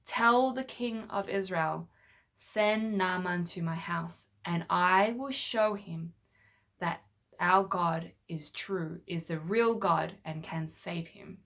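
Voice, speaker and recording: A woman voicing a calm, solemn old prophet in a children's Bible story. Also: lowish voice, slow, pitched below the performer's own voice.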